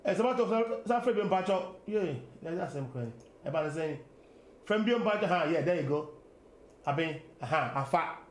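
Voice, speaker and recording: A man's voice: a little high, animated, brisk. A Ghanaian man hosting a political talk radio show, giving an emphatic monologue that mixes English and Twi.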